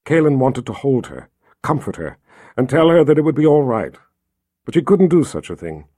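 A male audiobook narrator reads a scripted fantasy novel aloud in an expressive, engaged way, his pitch rising and falling a great deal. He keeps a moderate pace, and the recording is dry and close with no room sound or echo.

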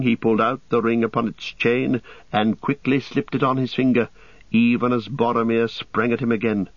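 Low-voiced man narrating an audiobook. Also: dry recording. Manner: measured, dramatic reading. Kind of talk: scripted narration. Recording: dull, dry audiobook recording.

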